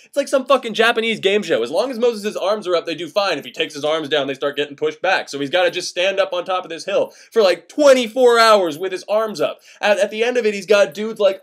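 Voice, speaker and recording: A man's voice: high voice, fairly bright tone. A young man retelling an old myth as profane comedy, sarcastic and exasperated, swearing freely. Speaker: comedic storyteller.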